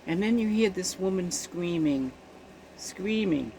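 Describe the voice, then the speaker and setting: A woman's voice: fairly low pitch, animated, a little slow, mellow, slight background noise, poor audio. A woman giving casual spoken commentary on a news event, indignant and emphatic, often checking in with her listeners.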